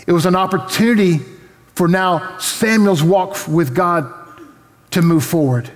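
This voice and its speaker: High-voiced preacher in a big reverberant hall. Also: male voice, a little slow. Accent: Texan. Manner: storytelling, acting out the voices in the story. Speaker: pastor. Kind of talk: sermon. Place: large church hall. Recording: reverberant hall with faint music.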